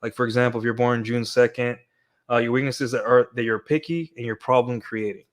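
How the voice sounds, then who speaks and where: A man's voice: medium pitch, steady tone, brisk. A young man giving casual dating advice on a livestream, rambling with frequent restarts and tag questions. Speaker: dating coach streamer.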